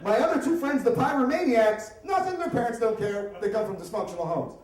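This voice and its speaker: A man raised around Upper Darby tells a comic story to a live room, loose and conversational with plenty of swearing. His voice sits high for a man. The sound is distant and washed in heavy room echo. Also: a little fast, a crowd in the background. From Upper Darby, Pennsylvania area. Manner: animated, comic, profane, conversational. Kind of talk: live story slam telling. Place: stage at a live storytelling event. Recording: echoey room, voice from far off.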